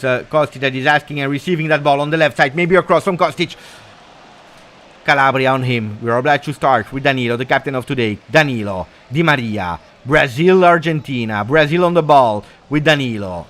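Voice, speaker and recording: Excitable middle-aged man calling football live. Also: mid-range voice. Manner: excitable play-by-play, peppered with Italian cheers, reads viewer comments. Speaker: live match watch-along host. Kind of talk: live football commentary and chat reaction.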